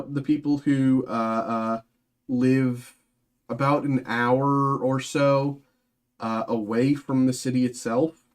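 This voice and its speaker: Young male stream host, casual and rambling, mid-pitched, lots of fillers. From Massachusetts, outside Boston. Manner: rambling, many fillers and restarts. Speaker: card break host. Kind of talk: casual live-stream chat while opening packs.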